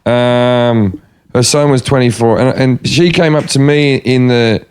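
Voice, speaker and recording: A man with a smooth, clear voice of middling pitch chats on a casual podcast. He throws in dry, teasing wisecracks. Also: a little slow.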